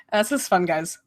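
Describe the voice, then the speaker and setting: A woman casually chatting on a livestream Q&A, getting over a cold and clearing her throat, laughing often and swearing freely. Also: on the low side, fairly bright tone. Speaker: streamer answering viewer questions.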